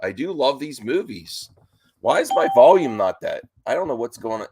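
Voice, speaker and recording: Guy on a live stream, all wound up and nervous, keeps cutting himself off, medium pitch voice. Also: moderate pace, heavy background noise. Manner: excited, restless, keeps interrupting himself. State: nervous and worked up. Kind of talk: live stream reaction chat.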